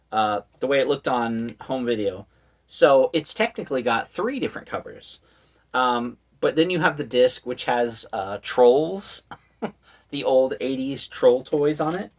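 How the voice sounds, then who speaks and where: Young man, casual haul chat, rambling, lots of ums and uhs, easygoing middle-pitched voice. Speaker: horror media collector vlogger.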